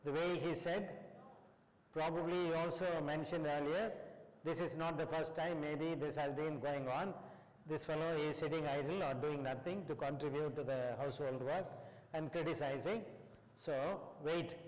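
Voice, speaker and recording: A man's voice: a little high, steady tone, normal speed, darkish tone. Indian English man lecturing in a hall. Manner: asks the class questions and acts out quotes. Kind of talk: classroom lecture. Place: college classroom. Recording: long hall reverb.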